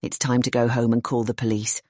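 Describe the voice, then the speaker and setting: An audiobook narrator reading a thriller in a tense, measured storytelling voice. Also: medium pitch, little pitch movement, darkish tone, no room sound, studio quality.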